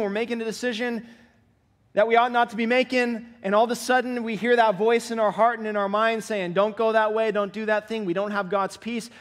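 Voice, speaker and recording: A man's voice: sits high, fairly bright tone. A man preaching a sermon as pastor, earnest and emphatic, repeating key points to press them home.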